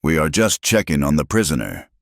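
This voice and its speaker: A man's voice: rumbling low, very animated, fairly quick, creaky, no echo, studio quality, heavily acted. A man voicing a mocking drunk saloon thug.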